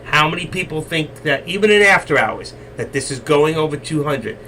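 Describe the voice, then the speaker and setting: A man hosts a live trading stream, nagging and teasing his viewers with mock exasperation and sudden loud shouts. His voice is bright and tense, a little higher than most men's. He sits back from the mic, with faint noise underneath. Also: animated, moderate pace, recorded from a distance, rough recording. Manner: coaxing, teasing and exasperated with the chat.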